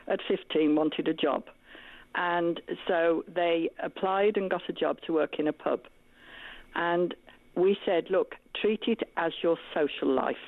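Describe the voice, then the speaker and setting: A middle-aged mother calling into a radio show, talking in a calm, chatty way. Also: lowish voice, no room sound. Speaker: caller. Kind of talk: phone-in call. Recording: tinny dry phone line.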